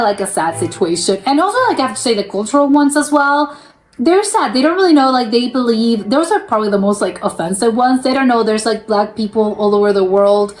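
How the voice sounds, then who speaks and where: A young woman from the United States chats through a reaction video in a fairly high voice, full of "like"s and restarts. Her pitch leaps up when she stresses a point. Soft music plays faintly behind her. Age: young adult. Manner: rambling, filler-heavy, frequent restarts. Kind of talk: casual reaction commentary.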